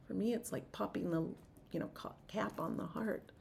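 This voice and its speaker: A woman teaching as a Sufi teacher and leading a slow, intoned group chanting practice. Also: medium pitch, vocal fry, slight background noise. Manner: slow, soft-spoken, drawn-out intoned chanting.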